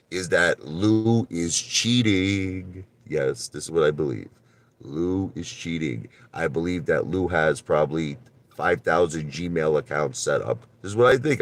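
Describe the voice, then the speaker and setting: A man hosting a livestream, ranting in a combative, animated way and repeating his points. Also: very deep voice. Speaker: livestream host.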